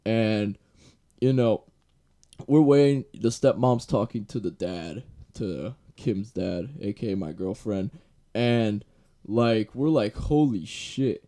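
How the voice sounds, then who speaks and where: A young man telling a casual story time in a loose, profane way, full of fillers, growing louder as the story heats up. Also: lowish voice, takes it slowly. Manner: gets louder and more worked up as the story heats up. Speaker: vlogger.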